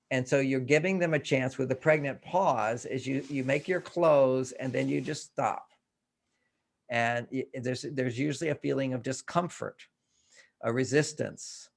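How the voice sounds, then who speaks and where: An older man with a gravelly, creaky voice at a middle pitch, speaking as an interview guest. He talks in a loose, animated way, acting out quoted lines and chuckling as he goes. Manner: animated storytelling, acts out quoted dialogue, laughs often. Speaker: guest, relationship author. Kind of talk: conversational interview.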